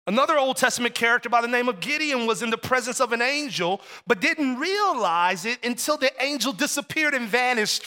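A man's voice: very high voice, bright, forceful tone, big-room sound. A man preaching a sermon as pastor, telling a personal story and repeating phrases for emphasis.

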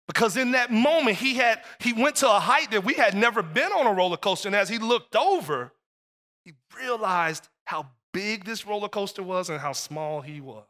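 A man's voice: high-pitched, expressive, moderate pace, bright, forceful tone, long reverb tail. A man preaching a sermon as pastor, telling a personal story and repeating phrases for emphasis.

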